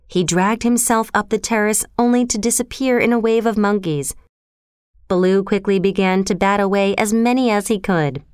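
A woman's voice: medium pitch, clear, resonant tone, no echo, studio quality. Woman reading a storybook aloud. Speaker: narrator.

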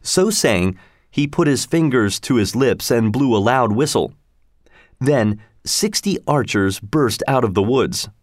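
Man, storybook narration, steady, measured, mid pitch, dry close sound. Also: no room sound.

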